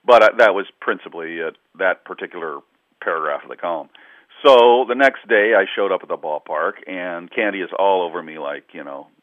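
This deep-voiced man talks a little fast as a sportswriter guest in a relaxed interview, spinning rambling anecdotes full of chuckles and fillers. The recording is dry, tinny phone-line audio.

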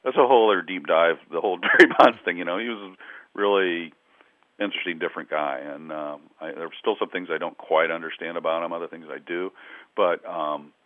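A man's voice: low voice, brisk, no room sound. A man, a sportswriter guest, telling rambling anecdotes in a casual interview, chuckling often and leaning on lots of fillers. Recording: tinny phone-line audio, dry.

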